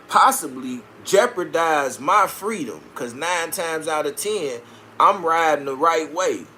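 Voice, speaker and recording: A man's voice: on the high side, sharp tone, slight background noise. Brash, profane man from Chicago. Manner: brash, profane, streetwise banter. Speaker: livestream host reading viewer comments. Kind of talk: casual live-stream chat.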